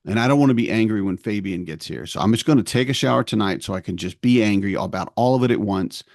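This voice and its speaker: A fast-talking middle-aged man with a fairly low, darkish voice and vocal fry co-hosts a podcast. In casual chat, he wanders through a family story, acting out each person's dialogue, recorded in clean studio sound with no echo.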